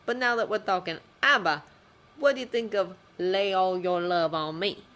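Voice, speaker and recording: A woman's voice: medium pitch, normal speed, a bit bright, natural voice. A woman playing a menacing, mocking vigilante. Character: menacing vigilante cabbie, young man, cold and cruel.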